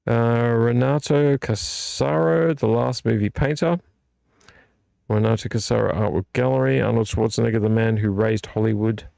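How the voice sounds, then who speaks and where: Tired vlog host, gravelly, dry close sound, rambling chat. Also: male voice, mid-range voice, moderate pace, no room sound. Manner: relaxed, rambling, complains about covers. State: tired and yawning. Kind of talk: casual late-night chat. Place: home room.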